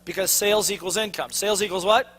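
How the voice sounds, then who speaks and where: A man's voice: high-pitched, steady tone, quick pace, a bit bright, a little hiss or hum. A man giving a sales seminar to a live audience, quizzing them with fill-in-the-blank questions. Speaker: sales trainer. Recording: long hall reverb.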